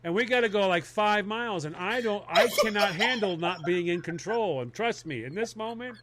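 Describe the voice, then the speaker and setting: A man telling a comic personal story in casual chat, animated and laughing as he talks. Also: sits high, moderate pace, heavy background noise.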